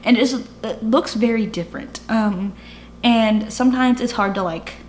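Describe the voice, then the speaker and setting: A woman's voice: on the high side, a little slow, darkish tone. Young woman book vlogger, casual and rambling, self-deprecating, filler-heavy, faint hum in the background. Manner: rambling, self-mocking, lots of fillers and restarts. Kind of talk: casual reading vlog chat.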